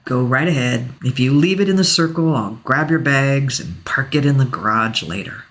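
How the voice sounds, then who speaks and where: A woman voicing a shy, friendly male house worker with a gruff voice, in an audiobook. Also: very deep voice, animated, normal speed, fairly bright tone, heavily acted. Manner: gruff, helpful. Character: man, house staff, friendly and shy helper.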